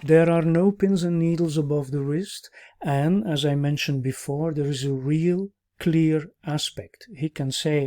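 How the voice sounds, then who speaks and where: A man teaching a recorded clinical course, explaining at an even pace with many "uh" pauses and checking "yeah?" tags. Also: on the high side. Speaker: orthopaedic medicine instructor.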